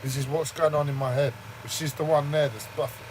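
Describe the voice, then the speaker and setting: Man, raw swearing rant, slightly high voice, faint noise behind. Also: fairly even intonation, fairly quick, rough recording. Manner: swears heavily, agitated and raw. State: shaken, says he speaks like he is in shock. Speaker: livestreamer. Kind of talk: angry personal rant. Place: standing in front of a camera.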